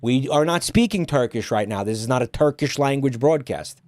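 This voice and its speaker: A man's voice: mid-range voice, animated, moderate pace, a little mellow, dry recording, soft background music. A man streaming and ranting at his chat, exasperated and swearing often. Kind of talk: casual stream rant.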